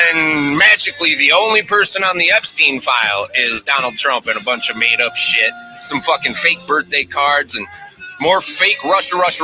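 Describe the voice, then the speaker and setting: A man with a bright, sharp and somewhat high voice delivers a heated, profane rant. He swears constantly and slips into mocking quoted voices. Soft music plays behind him. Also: low-quality recording. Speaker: commentator in a played clip.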